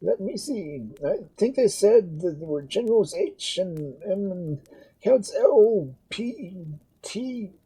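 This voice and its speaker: He is an earnest, proud old father who declaims praise in a raised, husky voice, as a man puts him on. His tone is dark and mellow, and his delivery is lively. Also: sits high, slow, voice pushed up, exaggerated voice, poor audio.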